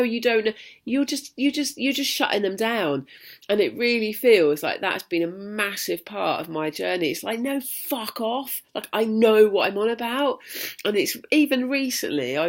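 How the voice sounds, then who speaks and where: A young woman talking frankly to camera in a personal vlog, rambling, restarting her sentences and swearing freely. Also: mid-range voice. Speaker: vlogger. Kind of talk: candid personal vlog monologue.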